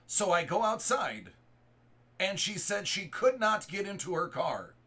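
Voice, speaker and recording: A man's voice: sits high, sing-song, measured pace, sharp tone. A man in his thirties, a live stream host, telling a story to his chat in a rambling way with many restarts. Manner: rambling, restarts and repeated words.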